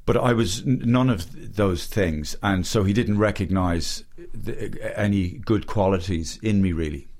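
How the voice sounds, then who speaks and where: An Irish comedian, middle-aged, telling stories in a casual interview, animated, with loud bursts when he mimics people. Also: measured pace, hardly any pauses. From Ireland. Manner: animated storyteller, jumps into loud high-pitched impressions. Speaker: comedian guest.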